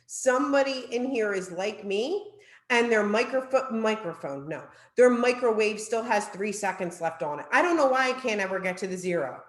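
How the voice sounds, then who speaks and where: A woman's voice: medium pitch, expressive, moderate pace, reverberant. A woman with a New Jersey accent giving an upbeat, chatty sales training talk, often tagging her points with "right?".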